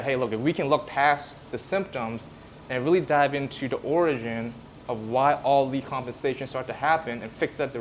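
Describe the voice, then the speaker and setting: A man's voice: mid-range voice, a little hiss or hum. A man, a physical therapist, presenting casually to a live audience in a room and acting out examples as he explains. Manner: casual, conversational, acts out examples.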